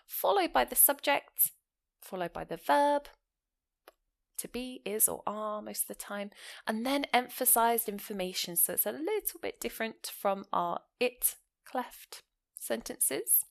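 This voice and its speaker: Woman teaching grammar, clear and explanatory. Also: fairly high pitch, lively intonation, unhurried. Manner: clear, explanatory, asks the listener questions. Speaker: English teacher. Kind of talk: online grammar lesson.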